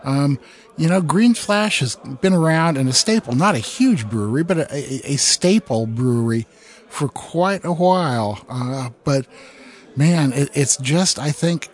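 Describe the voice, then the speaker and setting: A man co-hosting a homebrewing podcast, talking in a relaxed, matter-of-fact way. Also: fairly high pitch, measured pace. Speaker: podcast co-host. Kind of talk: casual chat.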